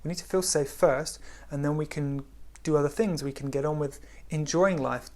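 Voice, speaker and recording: A man giving a spiritual talk in a gentle, unhurried way, often dropping to a hush. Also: fairly high pitch. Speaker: spiritual teacher.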